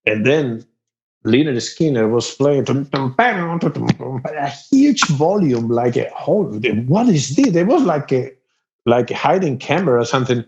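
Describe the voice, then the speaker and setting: A man's voice: normal speed, dull audio. Spanish-accented man telling a wild story. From Spain. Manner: animated, acts out other people's lines in a much higher voice, laughs often. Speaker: guest musician. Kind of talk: casual storytelling.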